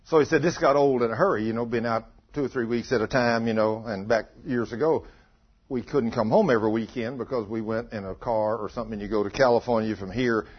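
A man's voice: mid-range voice, fairly quick, husky. A man preaching a folksy, conversational sermon and acting out the voices he quotes. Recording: muffled lo-fi recording.

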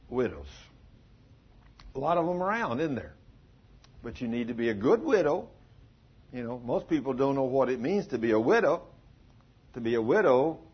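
Husky-voiced folksy preacher. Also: male voice, mid-range voice. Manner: folksy storytelling, dramatic pauses. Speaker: pastor. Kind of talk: sermon. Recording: dull lo-fi recording.

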